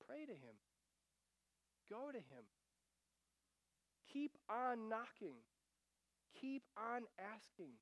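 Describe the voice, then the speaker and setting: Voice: mid-range voice, sing-song, slow pace, pauses often, fairly bright tone, no echo. A preacher giving an earnest sermon, reading scripture aloud and breaking off for casual asides and repeated phrases.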